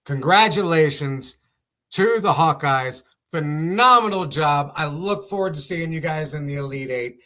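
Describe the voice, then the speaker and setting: A young man hosting a casual sports commentary segment, talking in an excitable, exclamatory way. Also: fairly high pitch, measured pace.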